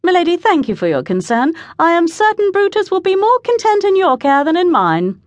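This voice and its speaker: A courteous, formal gentleman of the ship, as a woman narrator puts him on in a storybook. He speaks in a raised, lively lilt with polished manners, recorded close and dry. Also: very high-pitched, a little fast, no echo, pitched above the performer's own voice.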